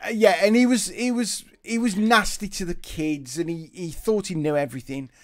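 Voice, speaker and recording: Male co-host, storyteller type, animated and giggly. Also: sits high, normal speed. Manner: animated, laughing anecdote-teller who acts out quotes. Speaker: podcast co-host. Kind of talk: casual storytelling chat.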